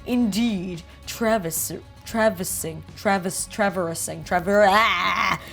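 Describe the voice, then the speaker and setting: A woman's voice: mid-range voice, slow, creaky, a bit bright, faint music behind. A woman with a New Jersey accent, casually riffing and joking as she reads about game art. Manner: chatty, jokey, reads aloud and riffs. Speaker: host.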